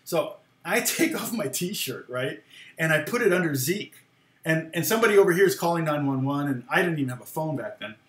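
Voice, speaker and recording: A man with a slightly high voice tells a long story from his past in a relaxed, rambling way. He laughs now and then and acts out what people said. The sound carries some room echo. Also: a little fast. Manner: rambling, laughs often, acts out quoted lines. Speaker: guitar teacher and former worship leader. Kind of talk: casual storytelling.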